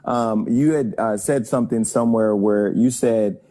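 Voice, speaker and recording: A man's voice: lowish voice, moderate pace, dark tone. A man in his forties hosting an interview, reflective and conversational, relating the guest's words to his own story. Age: 40s.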